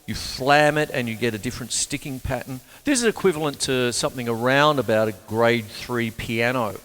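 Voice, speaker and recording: A man's voice: mid-range voice, moderate pace, fairly bright tone, long reverb tail. An Australian man giving a casual drum lesson, chatty and rambling, cracking jokes and saying "you see" a lot. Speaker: drum teacher. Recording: drum kit playing behind the voice.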